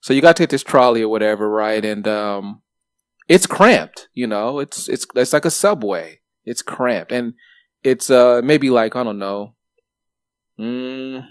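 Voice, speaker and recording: A man in his thirties co-hosting a podcast, telling stories in a lively way with plenty of swearing and fillers. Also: medium pitch, clear, resonant tone, dry recording, studio quality. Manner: animated, swears freely, lots of fillers. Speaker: podcast co-host. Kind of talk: casual chat, storytelling.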